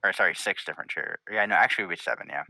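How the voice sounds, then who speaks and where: A man's voice: sits low, racing, vocal fry, sharp tone, no room sound, low-quality recording. A man narrating a tabletop game as game master, rambling through scene description with many fillers.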